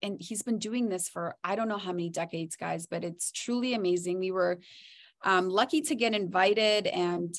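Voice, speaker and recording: A woman co-hosting a podcast in casual chat, telling animated stories that jump high when she laughs. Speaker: podcast co-host.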